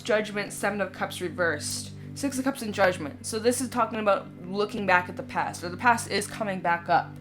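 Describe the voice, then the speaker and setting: A woman talks her viewers through a tarot spread in a relaxed, chatty way, often checking in with the listener. Her voice sits at an ordinary middle pitch. Faint music plays underneath. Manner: chatty, reassuring, full of "you know" and "right?". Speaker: tarot reader. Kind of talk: casual tarot reading to camera. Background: soft background music.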